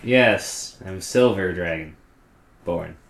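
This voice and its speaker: A man playing his character in a tabletop game with terse, deadpan replies. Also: deep voice, slow, gravelly. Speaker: player. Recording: roomy echo, crowd behind.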